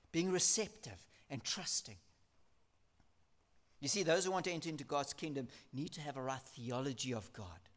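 A man preaching a sermon, earnest and emphatic, building points through repetition and reading scripture aloud slowly. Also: on the high side, a bit bright.

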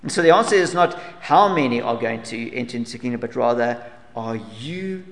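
A man's voice: medium pitch, expressive, brisk, vocal fry. Earnest male preacher in a reverberant hall. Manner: earnest preaching, rhetorical questions, swelling and dropping to soft asides. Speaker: pastor. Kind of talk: sermon.

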